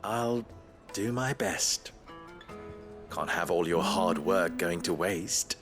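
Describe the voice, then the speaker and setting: An actor voicing a wry, newly appointed town leader in a video game, with a dry sense of humor. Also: male voice, sits low, takes it slowly. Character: wry middle-aged male town leader, newly mayor. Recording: game music underneath.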